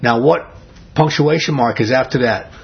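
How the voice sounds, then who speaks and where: A man's voice: mid-range voice, moderate pace, creaky, husky. A man leading an interactive Bible study, reading scripture aloud and putting questions to his group. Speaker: Bible teacher. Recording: dull lo-fi recording.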